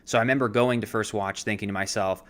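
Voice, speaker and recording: Bright-voiced man telling a story. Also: lowish voice, quick pace. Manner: rambling, filler-heavy, animated retelling. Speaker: podcast co-host, actor. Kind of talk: casual storytelling chat.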